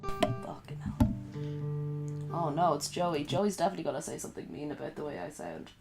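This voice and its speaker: Sick woman streaming late, low fry-heavy voice, sarcastic swearing ramble. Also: quick pace, loud music behind the voice. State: sick, coughing. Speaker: livestreamer. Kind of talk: casual stream chat.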